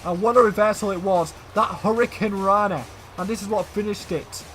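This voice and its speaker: High-pitched, excitable man calling wrestling. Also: fairly quick, faint music behind. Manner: excitable, often shouting, repeats "ladies and gentlemen". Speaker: wrestling game commentator. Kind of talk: excited play-by-play commentary.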